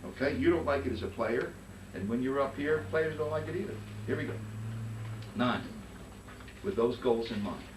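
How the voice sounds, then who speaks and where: A man teaching a conducting master class, giving brisk coaching commands and singing phrases in nonsense syllables. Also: medium pitch, lively intonation. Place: rehearsal room with band. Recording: roomy distant recording with noise.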